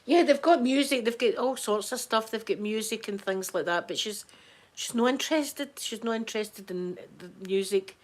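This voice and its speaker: Hoarse middle-aged Scottish woman vlogger, halting casual chat, lots of repeats and restarts. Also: a little high. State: hoarse from crying. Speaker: vlogger talking to viewers.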